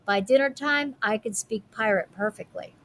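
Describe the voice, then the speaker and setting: A woman's voice: fairly high pitch, moderate pace, a bit bright. A woman teacher reading a picture book aloud to children, with friendly, chatty asides.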